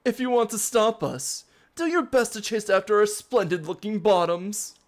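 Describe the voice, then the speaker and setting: A streamer voicing a pompous, theatrical young male villain from a video game, with slow, drawn-out, haughty delivery. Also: mid-range voice, animated, pitched above the performer's own voice, lightly acted. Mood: smug.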